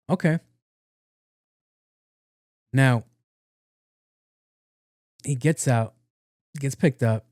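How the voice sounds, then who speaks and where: A man's voice: mid-range voice, dark tone, dry recording, clean studio sound. A man hosting a podcast, retelling a story in a loose, slangy, profane way. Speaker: podcast host. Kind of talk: casual film recap storytelling.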